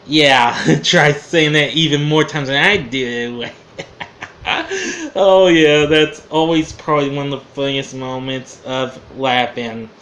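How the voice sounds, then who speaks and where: Man, casual vlog review, bright voice, slow rambling delivery, chuckles. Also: medium pitch, fairly even intonation. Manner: rambling and chuckly, often losing his train of thought. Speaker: vlogger reviewing an old TV show.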